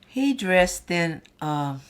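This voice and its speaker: A middle-aged woman telling family stories in a documentary interview, in an unhurried, heartfelt way. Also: lowish voice, big pitch swings, clear, resonant tone. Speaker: interviewee, sister.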